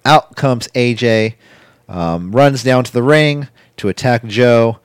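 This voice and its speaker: A man co-hosting a casual chat, recapping a wrestling show in a rambling way with quick impressions. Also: mid-range voice, clean tone, dry recording, studio quality. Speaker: podcast co-host recapping wrestling.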